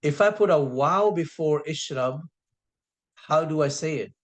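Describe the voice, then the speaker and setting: A man teaching a recorded lesson who patiently repeats key sounds and draws words out slowly for emphasis. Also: on the high side. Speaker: Arabic teacher.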